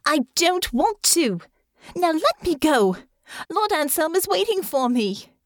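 A woman voicing Honor, a frightened, earnest young noblewoman, in a high, trembling, pleading voice in an audiobook. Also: sing-song, takes it slowly, dry recording, clean studio sound, heavily acted. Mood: insistent. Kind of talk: audiobook character voice.

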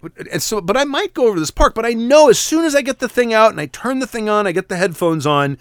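High-voiced man chatting casually. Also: animated, fast talker, smooth, dry recording, studio quality. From United States. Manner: rambling, restarts sentences, wry. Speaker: podcast host. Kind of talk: casual chat.

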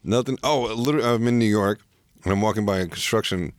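Joking low-voiced man hosting a chat. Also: fast talker, clear, resonant tone, dry recording, studio quality. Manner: playful, laughs often, jokey. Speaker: podcast host. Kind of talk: casual chat.

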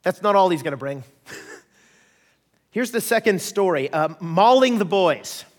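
A man preaching a sermon, telling stories in a lively, joking way and acting out voices. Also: sits high, takes it slowly. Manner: animated, jokey, acts out voices in stories. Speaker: pastor. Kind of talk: sermon with storytelling. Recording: long hall reverb.

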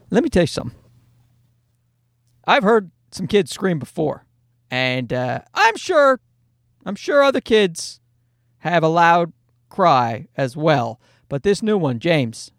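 In a stand-up comedy routine, a middle-aged man with a high-sitting voice tells an exasperated story about his kids, punctuated by loud acted-out asides. The recording is dry and studio quality.

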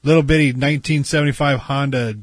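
A man's voice: medium pitch, steady tone, quick pace, no room sound. A man in casual, crude podcast chat, telling rambling stories and mimicking his father. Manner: profane storyteller, mimics his dad.

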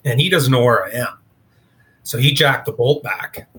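A man's voice: mid-range voice, moderate pace, fairly bright tone. A man, a guest in an interview, recounting a story in a casual, rambling way with lots of fillers. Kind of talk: storytelling in conversation.

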